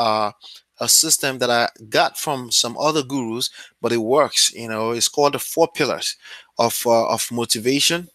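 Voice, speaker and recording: A man's voice: medium pitch, fairly bright tone, no room sound. A man coaching real estate wholesaling in a loose, conversational way, often checking in with his listeners. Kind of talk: casual instructional talk.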